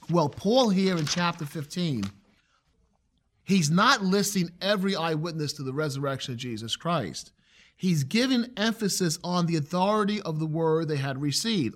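Earnest higher-voiced male Bible teacher. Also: animated, moderate pace, fairly bright tone. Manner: earnest, emphatic with shifts in pace. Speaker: preacher.

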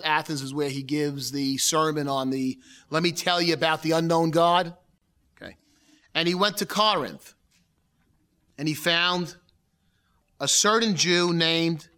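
A man's voice: a little high, pushed and bright. A man teaching a lecture on Bible history, explaining in a conversational way, repeating points and reading scripture aloud.

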